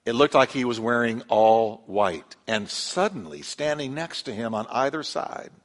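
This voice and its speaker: A male pastor preaching a sermon, telling the story with lively emphasis and acting out the voices he quotes. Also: medium pitch, a little slow. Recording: long hall reverb.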